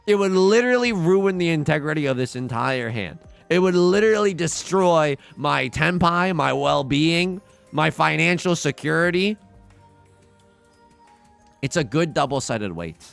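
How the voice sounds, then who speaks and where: A young man streams a tile game, joking and talking through his moves with his chat. His voice sits a little high and jumps around a lot, with a gravelly edge. Faint music plays under him. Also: a bit bright. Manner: playful, jokey, talks to chat. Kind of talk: live game commentary.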